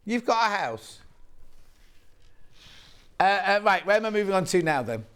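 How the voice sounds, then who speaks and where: Bubbly woman, TV shopping presenter, lively up-and-down delivery, chatty asides. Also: medium pitch, a little slow, smooth. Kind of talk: live TV shopping sales chat. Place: TV studio.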